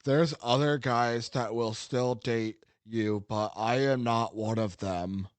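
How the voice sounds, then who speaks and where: A man putting on the voice of a sweaty, sleazy young man in online chats, slow and leering. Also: mid-range voice, fairly even intonation, no room sound, close to an everyday voice.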